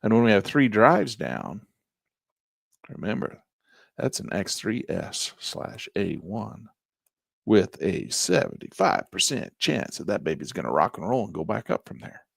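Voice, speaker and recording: A man teaching trading as he walks through a chart, in a folksy, animated way with slangy asides. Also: on the low side, measured pace, creaky, breathy edge, no echo, studio quality. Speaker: trading instructor. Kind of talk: chart-walkthrough lesson.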